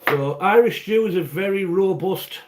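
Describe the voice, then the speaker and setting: A man's voice: high voice, normal speed, very noisy. A man from the UK hosting a casual live cooking stream from his home kitchen, chatty and jokey, rambling as he greets viewers by name. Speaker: cooking show host.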